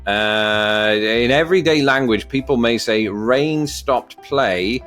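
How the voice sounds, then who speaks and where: A man reading quiz questions aloud and answering them, with wry jokes in between. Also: on the low side. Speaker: vlogger. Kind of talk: casual commentary while taking an online quiz.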